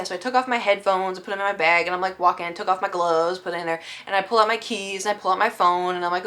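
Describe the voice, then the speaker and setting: A woman's voice: mid-range voice, rapid-fire, hardly any pauses, a bit bright. A woman streamer telling a casual storytime, chatty and self-deprecating, with lots of fillers.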